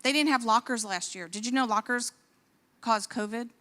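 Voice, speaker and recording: A woman in her forties, a physician, giving an impassioned talk at a church, indignant and animated, her voice rising to exclamations. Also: on the high side, moderate pace. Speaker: physician speaker. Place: large church hall. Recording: long hall reverb.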